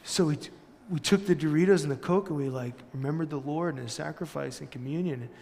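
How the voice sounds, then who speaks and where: A man voicing laid-back young surfer callers, who talk in a hushed drawl full of "like". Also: fairly high pitch, fast talker, vocal fry, voice pushed down. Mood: hushed earnest. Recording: long church-hall reverb.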